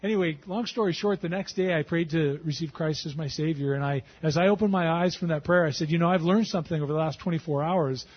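A middle-aged man telling his personal faith testimony in a conversational, halting way, with fillers and restarts. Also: a little high, breathy edge. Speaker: Christian testimony speaker. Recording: dull lo-fi sound.

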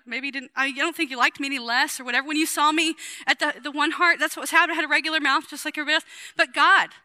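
A woman in her forties preaching to women in a chatty, emphatic way, with sudden loud bursts of energy. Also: sits high, dry recording. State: sweating. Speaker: women's ministry speaker. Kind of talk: sermon.

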